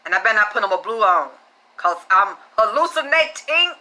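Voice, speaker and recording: A woman's voice: mid-range voice, very animated, fairly quick, bright, forceful tone. A woman who works as a spiritual reader tells stories in a casual, blunt way and swears freely. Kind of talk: casual profane storytelling.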